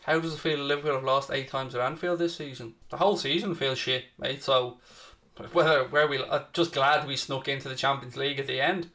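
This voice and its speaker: A young man hosts a live football watchalong, chatting casually and answering viewers by name in live stream commentary and chat. His mid-range voice is steady, brisk, bright, and forceful.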